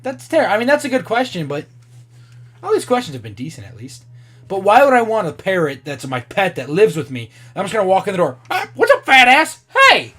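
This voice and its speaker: A man's voice: high-pitched, sing-song, a little fast, husky. A man in his twenties chatting casually on camera, thinking aloud and swearing freely as he reacts. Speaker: vlogger.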